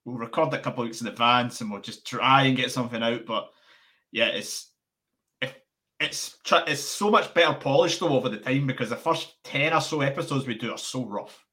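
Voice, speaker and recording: Young man, bright tone, guest in a relaxed interview chat, rambles animatedly. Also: mid-range voice, a little fast. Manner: rambling, restarts often, animated. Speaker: podcast founder.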